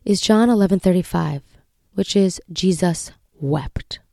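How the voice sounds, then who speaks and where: A woman in her thirties hosts a faith podcast in an earnest, heartfelt voice. She talks low and mellow with a gravelly edge, and often sinks into a near whisper. The recording is dry and close. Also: no echo. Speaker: podcast host.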